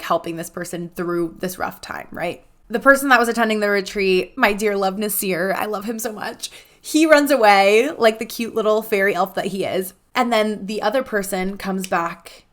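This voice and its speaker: Chatty woman telling a story. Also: medium pitch. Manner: animated, acts out quoted dialogue, frequent "like". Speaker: podcast host. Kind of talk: casual storytelling monologue.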